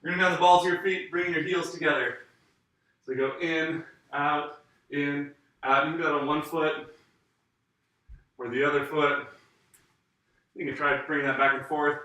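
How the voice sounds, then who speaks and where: Man, dance teacher, counting beats aloud, bright voice, very echoey room, mic far away. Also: on the high side, fairly even intonation, normal speed, long pauses. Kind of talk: live online dance lesson.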